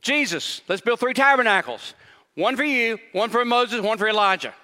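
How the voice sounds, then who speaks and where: An impulsive, eager male disciple pleads in a high, bright voice, as a preacher acts him out. The words ring with a long reverb from a big hall. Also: moderate pace.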